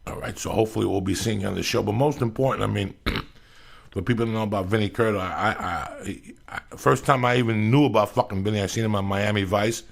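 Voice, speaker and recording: Man, podcast host, low voice, gravelly, profane, effusive. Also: fairly even intonation. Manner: profane, effusive, rapid questions. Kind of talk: casual interview chat.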